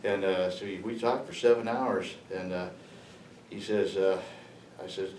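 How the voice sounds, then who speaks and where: Older male veteran in his sixties, lowish voice, rambling chuckling storyteller, roomy echo, mic far off. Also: fairly even intonation, a little mellow. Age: 60s. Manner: rambling, chuckling, halting with fillers. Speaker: veteran speaker. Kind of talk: storytelling to students. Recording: echoey room, distant mic, faint noise.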